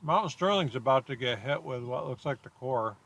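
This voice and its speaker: A man's voice: mid-range voice, animated, normal speed, a bit bright. A man chasing storms, chatting casually from inside a car, rambling and joking as he plays with place names. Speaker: storm chaser. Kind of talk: casual chat while driving.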